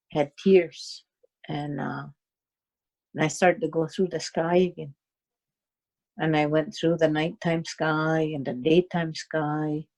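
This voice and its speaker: A woman telling a personal story in a halting, unhurried way, with many fillers and restarts. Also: low voice, darkish tone. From Cayuga Nation, Six Nations of the Grand River, Canada.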